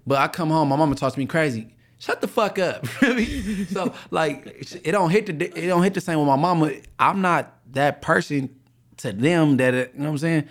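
A man's voice: fairly high pitch, a little fast. Joking laid-back man on a podcast. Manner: laid-back, joking, lots of filler phrases. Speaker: podcast co-host. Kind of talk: casual chat.

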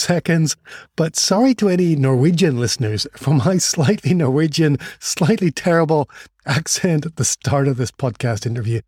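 A man's voice: a little high, darkish tone, no echo, studio quality. A man hosting a podcast, reading an upbeat intro and then chatting in a friendly, jokey way with his guest. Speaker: podcast host. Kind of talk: podcast intro and interview chat.

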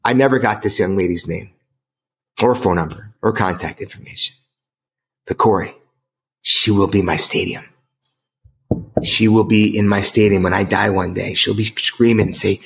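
A man's voice: fairly low pitch, normal speed, creaky, pauses often. A middle-aged man from the United States telling a personal story as an interview guest, emotional, earnest and emphatic. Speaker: guest author.

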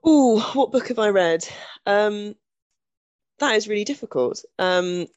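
A woman's voice: mid-range voice, expressive, measured pace, darkish tone, no room sound. Chatty woman telling her story. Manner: chatty, self-deprecating, frequent restarts and laughs. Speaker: guest. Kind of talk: candid conversational storytelling.

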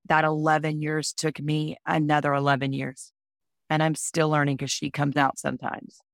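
A woman in her forties tells candid stories for a podcast, blunt and lively as she acts out what others said. Her voice sits mid-range and is recorded close and dry, with no room sound. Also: sits low, moderate pace, creaky, no room sound. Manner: expressive, frank, acts out quoted voices. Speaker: podcast guest.

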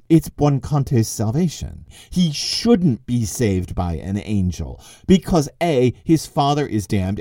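Middle-aged male lecturer, animated and wry, mellow voice, dry close sound. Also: mid-range voice, no room sound. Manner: animated, wry, conversational, quick asides. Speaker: podcast host and literature teacher. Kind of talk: lively spoken lecture.

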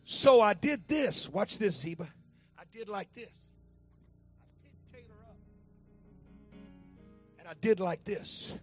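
Preacher, man in his fifties, high voice, storytelling sermon that swells loud, soft music underneath. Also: animated, slow, pauses often, husky. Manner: speaks to a child beside him, repeats phrases, swells to shouting.

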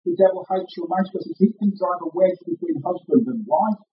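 A man's voice: high-pitched, expressive, fast. Guy preaching, emphatic, keeps restarting words, dull muffled sound, faint room hum. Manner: earnest, emphatic, frequent repetitions and restarts. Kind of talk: sermon. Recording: roomy, distant, dull mic.

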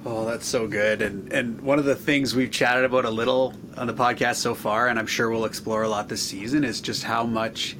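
A man's voice: steady tone, normal speed, few pauses. A man hosting a faith podcast, encouraging his guest with affirmations and follow-up questions. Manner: warm, encouraging, lots of affirmations. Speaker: podcast host. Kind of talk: casual interview chat. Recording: audible background rumble.

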